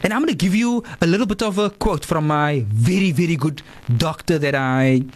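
A man hosting a radio talk show, animated and repetitive, often checking in with "right?". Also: fairly high pitch, brisk. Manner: animated, repeats words, asks "right?" often.

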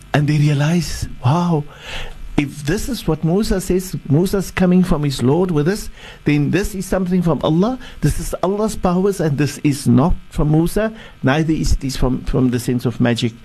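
A sheikh retelling a sacred story in a sermon, halting often and repeating words as he searches. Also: a little high, mellow, husky, rough recording.

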